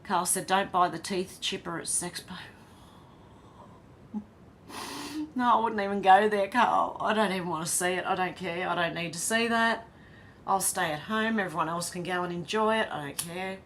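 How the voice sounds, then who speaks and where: With a bit of background noise, an Australian woman hosts a casual live stream in a fairly low, somewhat bright voice at a moderate pace. She reads viewer comments aloud, chatty and blunt, laughing often and swearing.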